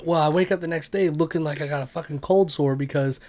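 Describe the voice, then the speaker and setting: A man with a slightly higher voice jokes and teases his friends on a podcast. He tells small everyday stories in a loose, casual way. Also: quick pace, darkish tone. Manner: joking, teasing interjections. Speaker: podcast co-host. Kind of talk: casual chat.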